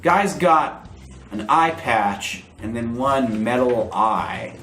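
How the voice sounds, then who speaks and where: A man's voice: mid-range voice, expressive, takes it slowly, fairly bright tone, faint music behind, voice pushed down. A man playing a cocky young crocodile hired hand, talking in a laid-back, slangy drawl, with a roomy echo. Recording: roomy echo, faint noise.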